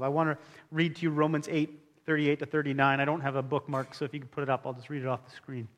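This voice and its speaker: A man's voice: a little high, flat delivery, fast talker, fairly bright tone. A man preaching a sermon as pastor, earnest and emphatic, repeating key phrases for weight. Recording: long hall reverb.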